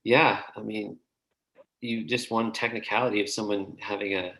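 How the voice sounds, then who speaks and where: Low-voiced joking male host. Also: steady tone, normal speed, fairly bright tone, rough recording. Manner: enthusiastic, joking. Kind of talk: casual commentary.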